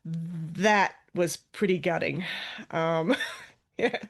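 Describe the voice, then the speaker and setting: A woman's voice: lowish voice, fairly even intonation, very slow. A woman guest author talking casually in an interview, explaining things in a chatty way with frequent restarts and self-corrections.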